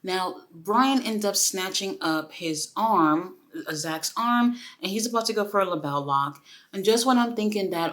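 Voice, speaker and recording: A young woman giving a casual, excitable solo review of a wrestling show, chatty and full of asides. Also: on the low side, measured pace.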